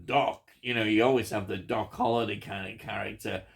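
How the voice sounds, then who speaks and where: A man's voice: fairly low pitch, steady tone, moderate pace, vocal fry. A man giving a casual, enthusiastic spoken film review, with frequent ums and chuckles.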